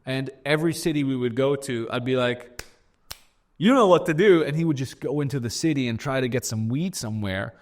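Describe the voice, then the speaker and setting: A man's voice: mid-range voice, brisk. A man from Austria, a podcast guest telling stories candidly in conversation, blunt and profane with frequent repetitions.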